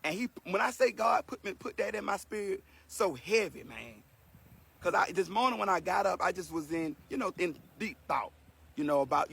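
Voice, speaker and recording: Gravelly high-voiced man preaching casually. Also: a bit bright, no room sound. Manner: earnest and preachy, repeats himself, emotional. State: sweating. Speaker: speaker giving a lesson to viewers. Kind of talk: casual spoken monologue.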